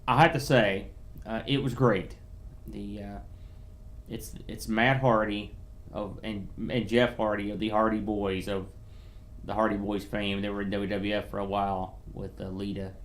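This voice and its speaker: A man's voice: fairly low pitch, level tone, moderate pace, a little hiss or hum. A man co-hosting a retro gaming podcast, chatting casually and explaining things at length with many restarts. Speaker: podcast co-host. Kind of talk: casual chat.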